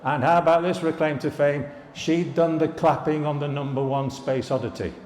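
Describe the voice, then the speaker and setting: Older man, fairly high voice, wry storytelling speech, echoing hall reverb. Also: steady tone, normal speed, a little mellow. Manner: storytelling, wry asides and jokes. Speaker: former students' union president giving an anniversary speech. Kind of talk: anecdotal speech to an alumni audience. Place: large hall at a live event. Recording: echoey hall, reverberant room.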